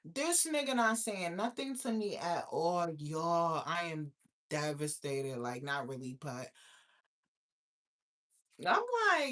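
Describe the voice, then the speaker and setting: A woman hosting a casual storytime monologue, slangy and profane, swinging between loud outbursts and low asides. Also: expressive, a little slow. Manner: slangy, emphatic street talk. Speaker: host.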